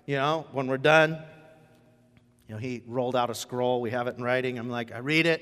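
Joking pastor in a reverberant church. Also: male voice, medium pitch, brisk, clear, resonant tone. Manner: joking, animated storytelling with lots of asides. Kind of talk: casual conversational sermon. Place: church sanctuary. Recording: church hall with long reverb.

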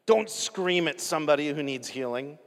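A man's voice: fairly high pitch, lively intonation, normal speed. A man puts on an older evangelist with a thick foreign accent, earnest and instructive as he lays down a point about preaching. The voice rings out in a hall with a long echo.

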